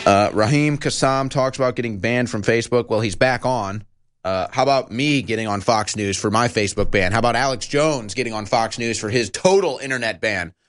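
Male talk radio host, indignant and emphatic, middle pitch, repeats lines for punch. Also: fairly quick, faint music behind. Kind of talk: impassioned talk radio monologue.

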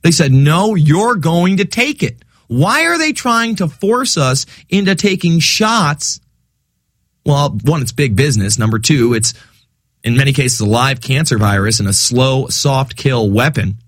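A man hosting a talk radio show, delivering an animated, sarcastic monologue. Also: medium pitch, measured pace, no echo, clean studio sound. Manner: animated, sarcastic, mocking quoted voices.

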